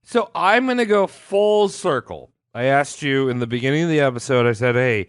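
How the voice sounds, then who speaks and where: A man's voice: mid-range voice, lively intonation, moderate pace, smooth, dry recording, studio quality. A man co-hosting a comedy podcast, joking and interrupting. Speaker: podcast co-host. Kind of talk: comedic banter.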